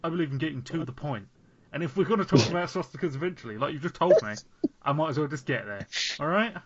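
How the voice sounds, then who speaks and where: A man's voice: on the high side, animated, fast talker, muffled recording, very noisy. A young man hosting a podcast, swearing and mocking in crude casual banter. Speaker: podcast host.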